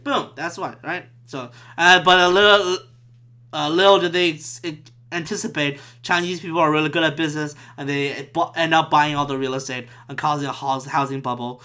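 A man's voice: on the high side, fairly even intonation, a little fast, sharp tone. A man hosting a podcast alone, ranting in a profane, rambling way with frequent restarts. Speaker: podcast host. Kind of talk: solo podcast rant.

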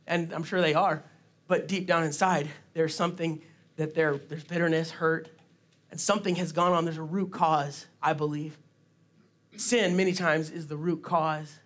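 A man's voice: sits high, fairly bright tone. Guy preaching in church, super casual, jokes about himself, laughs a lot. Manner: casual, self-deprecating, laughs often. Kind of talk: informal sermon. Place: church sanctuary.

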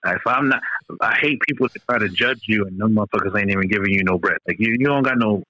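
A man's voice: fairly low pitch, fast talker, pushed and bright, no room sound, lo-fi sound. A man in casual podcast chat, talking loosely and profanely, rambling between points with lots of restarts.

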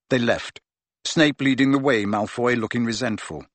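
A man narrating a novel in a steady, even storytelling manner as an audiobook reader. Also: medium pitch, moderate pace, dry recording. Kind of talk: scripted fiction narration.

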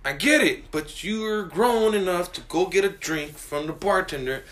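A man's voice: high voice, normal speed, a bit bright, faint music behind. A man co-hosting a casual podcast, telling stories in a profane, ranting way. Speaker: podcast co-host. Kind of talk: casual chat.

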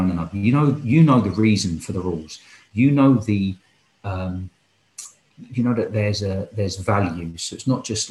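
A man's voice: fairly low pitch, darkish tone, slight background noise. A man who coaches football and futsal, talking earnestly and with passion as a guest in a casual podcast interview, thinking aloud as he goes. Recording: roomy echo.

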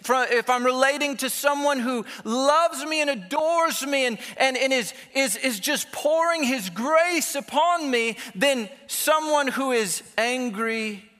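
Pastor preaching, man, unhurried delivery, reverberant church hall, chatty and self-mocking. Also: very high voice, pushed and bright. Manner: conversational, self-deprecating, with playful quoted asides. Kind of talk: sermon.

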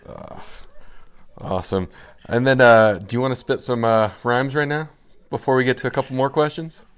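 A man's voice: medium pitch, steady tone, normal speed, smooth. A man hosting a casual interview, playful and teasing with his guest. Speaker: podcast host.

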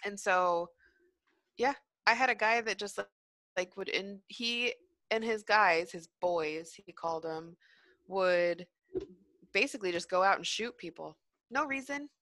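A woman's voice: mid-range voice, unhurried, sharp tone, no room sound. A young adult woman, a former prison teacher, telling blunt, profane stories in a casual podcast chat.

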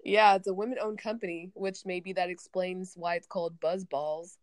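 A woman's voice: on the low side, steady tone, normal speed, no echo. Chatty rambling woman, dry close sound. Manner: rambling, chatty, laughs often. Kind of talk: casual chat.

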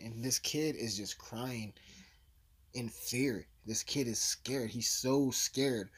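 Husky guy ranting through a crime story, blunt and sweary. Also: medium pitch, takes it slowly. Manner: blunt, profane, rambling. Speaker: true-crime commentator. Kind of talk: casual recap commentary.

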